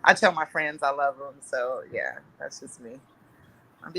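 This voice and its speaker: A woman's voice: rumbling low, big pitch swings, normal speed, vocal fry, fairly bright tone, poor audio. A middle-aged woman, a podcast guest who chats openly, laughs often and calls herself emotional. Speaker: guest cast member. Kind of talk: casual chat.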